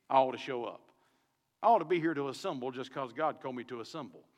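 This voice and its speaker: Southern pastor preaching in a reverberant church. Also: male voice, on the high side. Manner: conversational preaching full of rhetorical questions. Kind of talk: sermon. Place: church sanctuary. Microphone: microphone.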